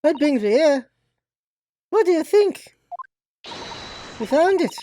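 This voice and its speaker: A woman's voice: high voice, big pitch swings, slow, dark tone, slight background noise, voice pushed up, heavily acted. Woman doing a cheeky Irish-Scottish street girl. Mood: brash. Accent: put-on Irish-Scottish mix. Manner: blunt, cheeky slang. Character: young woman pickpocket, brash and streetwise.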